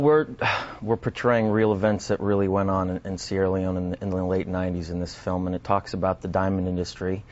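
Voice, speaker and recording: A male actor talks through his answers on a morning TV show in a low voice. He is thoughtful and often stumbles over the first words of a sentence. The broadcast sound is muffled. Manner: thoughtful, repeats words when starting sentences. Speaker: actor guest. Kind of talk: broadcast interview.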